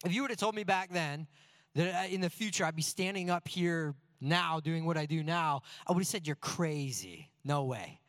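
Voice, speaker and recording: A man preaching a sermon through personal stories, in an earnest, animated and self-deprecating way. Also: high-pitched, fairly quick.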